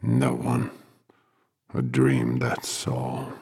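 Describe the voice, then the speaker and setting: Deep croaky raspy old sorcerer guy, sick and sinister, slow and swooping. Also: very animated, a little mellow, exaggerated voice. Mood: muttering. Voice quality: gravelly, whispery. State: sick with a cold. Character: sinister old male magician, sick and brooding.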